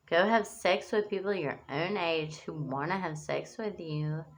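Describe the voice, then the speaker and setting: A woman's voice: lowish voice, takes it slowly. A woman in an angry, rambling monologue to camera, swearing often and restarting her phrases.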